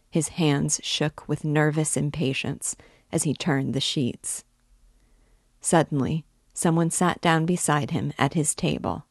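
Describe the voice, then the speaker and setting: Low-voiced woman reading a novel aloud. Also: no room sound, studio quality. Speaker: reader of a classic novel. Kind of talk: audiobook-style reading aloud.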